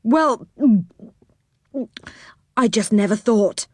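A woman's voice: medium pitch, lively intonation, very slow, no echo, clean studio sound, voice pushed up. A woman voicing a greedy young boy in a storybook, sulky and pleading.

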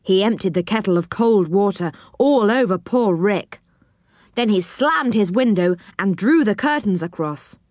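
A woman reads a children's storybook aloud at an unhurried pace, with lively, expressive rises and falls in her voice. The sound is close and dry. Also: mid-range voice, no room sound. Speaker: narrator.

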